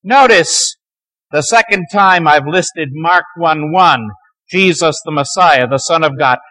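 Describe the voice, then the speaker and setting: Guy teaching a bible class, slow and dramatic, bright voice, kinda high for a man. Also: rough recording. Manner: dramatic storytelling, dropping to near hushed tones. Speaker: Bible lecturer.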